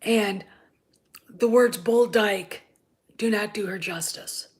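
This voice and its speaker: A woman in her fifties delivers an angry rant on her own channel, swearing freely and dripping with sarcasm. She often sinks into a hushed whisper, then punches a point with a pointed "okay?". Her pitch sits at an ordinary middle height for a woman. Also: slow pace. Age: 50s. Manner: emphatic, repeats "okay?" for emphasis. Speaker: channel host and TV critic. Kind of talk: ranting commentary.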